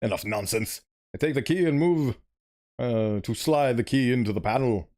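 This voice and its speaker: A man's voice: mid-range voice, normal speed, darkish tone. A man streaming a story game, reading it aloud and chatting animatedly, sometimes fumbling for words.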